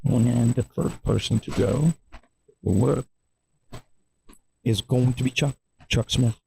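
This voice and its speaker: Guy running the forum, loose and rambly, gravelly darkish voice, light noise. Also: mid-range voice, warm tone, rough recording. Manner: informal, halting, filler-heavy. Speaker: forum moderator. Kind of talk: casual instructions to a room.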